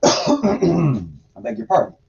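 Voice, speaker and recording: A man's voice: on the high side, huge pitch swings, slow pace, distant mic, muffled recording, background noise. A man hosting a livestream, reading scripture aloud and adding sarcastic, profane commentary in a drawling manner.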